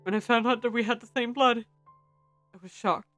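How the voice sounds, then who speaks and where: Brief: woman reading a dying young man's tender farewell letter, bright voice, faint music behind. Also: on the high side, steady tone, moderate pace, lightly acted.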